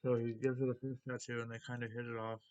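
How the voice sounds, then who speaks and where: A man's voice: mid-range voice, level tone, fast talker, a little mellow, highs cut off. Guy rambling thru a comic recap, lots of like and uh, easygoing middle voice. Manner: rambling, loose retelling with many "like" and "uh". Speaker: comic book video host. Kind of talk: casual story recap and unboxing.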